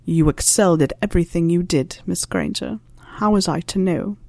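A woman voicing a stern, dry older male professor in a storybook reading, speaking slowly and in a clipped, measured way. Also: on the low side, vocal fry, mellow, no room sound.

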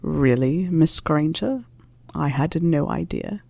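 A woman voicing a stern, dry older male professor in a storybook reading, speaking slowly and in a clipped, measured way. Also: low-pitched, animated, creaky, mellow, no echo, pitched below the performer's own voice, exaggerated voice.

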